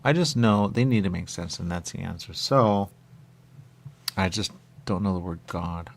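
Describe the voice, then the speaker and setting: Low gravelly man rambling aloud. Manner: repetitive, meandering, musing aloud. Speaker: radio talk host. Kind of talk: rambling solo monologue.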